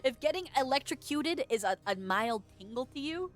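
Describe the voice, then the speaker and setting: A woman's voice: high-pitched, animated, moderate pace, faint music behind. A woman chatting casually on a live stream, reading chat, laughing often, swearing and teasing, with a stuffy nose, close to a desk microphone.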